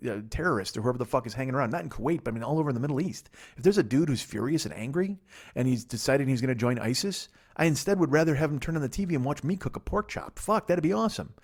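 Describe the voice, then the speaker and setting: A man's voice: mid-range voice, expressive, fast talker. A man doing a rambling comedic podcast monologue, profane and sardonic, recorded in a house where he is staying. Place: guest room in a friend's house.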